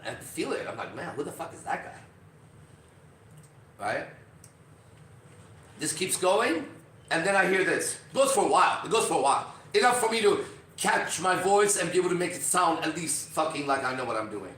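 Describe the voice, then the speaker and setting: A man hosting a podcast, telling a story in a casual, profane and animated way, acting out other people's lines. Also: fairly high pitch, fairly quick. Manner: profane, animated, acts out quotes. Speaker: podcast host. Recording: roomy, distant from mic.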